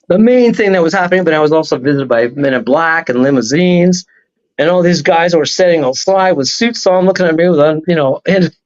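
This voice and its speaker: Male guest, high-pitched, animated and rambling storyteller, muffled lo-fi audio. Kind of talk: casual storytelling on a talk show.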